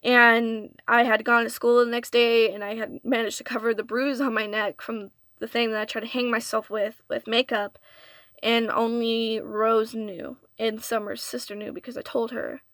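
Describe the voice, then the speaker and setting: In a storytime vlog, a young woman earnestly confesses a difficult personal story. Her bright, slightly high voice is close-miked in a dead, dry space with no room sound, and she speaks at a moderate pace with a flat delivery.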